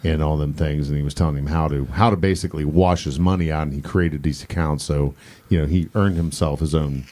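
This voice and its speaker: Co-host: man with a very low voice, easygoing, keeps agreeing and adding details. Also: steady tone, a little fast, mellow. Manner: agreeable, frequent short affirmations. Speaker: podcast co-host. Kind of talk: casual chat.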